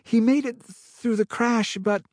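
A man's voice: extremely high pitch, steady tone, measured pace, no room sound, clean studio sound, voice pushed up. A man voicing a grieving mother who stammers through bad news in a storybook reading. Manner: stammering, tearful.

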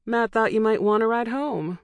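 A woman's voice: on the high side, moderate pace, no room sound, pitched above the performer's own voice, natural voice. A woman voicing a blunt, fiercely loyal friend. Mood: teasing. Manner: sharp, teasing, scolding. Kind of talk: audiobook dialogue.

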